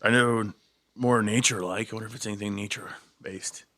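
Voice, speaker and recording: A man at a tabletop game with a somewhat low voice. He chimes in with brief, wry remarks between the others. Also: steady tone, brisk, pushed and bright. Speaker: player. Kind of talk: casual tabletop play.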